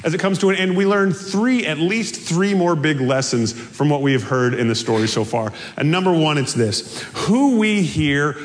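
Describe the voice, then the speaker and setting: A man's voice: fairly high pitch, moderate pace, hardly any pauses, slight background noise. A man preaching a sermon as pastor, in a conversational style with rhetorical asides to the congregation. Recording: long hall reverb.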